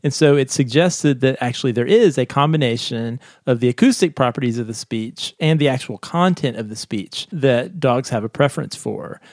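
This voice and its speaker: A man's voice: medium pitch, darkish tone, no room sound, clean studio sound. A man co-hosting a podcast, explaining a research study in a chatty way and laughing often. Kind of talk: casual science chat.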